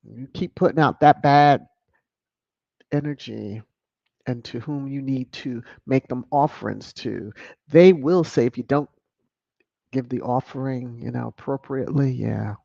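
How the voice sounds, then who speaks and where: A man hosting a live stream, reading viewer comments in a casual, animated way with laughs and sudden high exclamations. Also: measured pace, gravelly, no room sound, lo-fi sound. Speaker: livestream host reading chat.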